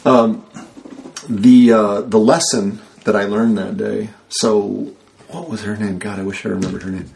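A man in a casual interview, telling a rambling, animated story and acting out the people he quotes. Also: lowish voice, unhurried, creaky. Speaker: guest.

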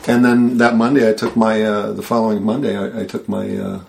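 A man in a casual interview, telling a rambling, animated story and acting out the people he quotes. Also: on the low side, a little fast, vocal fry, a little hiss or hum. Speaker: guest.

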